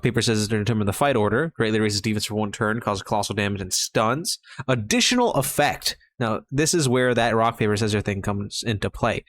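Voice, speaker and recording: A man's voice: lowish voice, a bit bright. A young man who is sick, giving casual, rambling commentary on a mobile game card, enthusiastic and full of fillers and restarts. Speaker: mobile game content creator.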